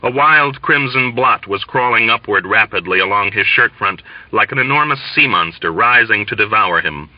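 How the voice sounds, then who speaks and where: A man reading a novel aloud in a measured, plain narrating voice. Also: on the low side, lively intonation, no echo. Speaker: audiobook reader. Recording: dull lo-fi, dry.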